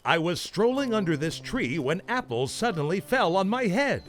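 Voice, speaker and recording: A man's voice: high voice, big pitch swings, normal speed, a bit bright. Man squawking as a frantic, jittery crow. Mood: panicked. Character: panicky jittery male crow, easily scared. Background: music.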